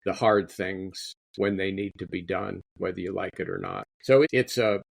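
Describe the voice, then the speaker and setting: A man's voice: low voice, steady tone, moderate pace, creaky, dry recording. A man, an author being interviewed, talking in a rambling way and often repeating his words. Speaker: guest author. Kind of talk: interview conversation.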